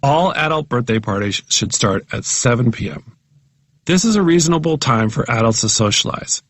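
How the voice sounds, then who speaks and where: A man's voice: mid-range voice, lively intonation, moderate pace, a bit bright, no echo. Dry, wry male audiobook narrator. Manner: wry, self-mocking, conversational. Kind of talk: audiobook narration of humorous essays.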